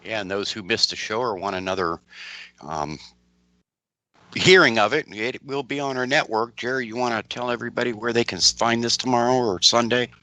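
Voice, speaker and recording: A man co-hosting a paranormal radio show, relaxed and rambling. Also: mid-range voice, fairly quick, no room sound. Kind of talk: casual talk radio chat.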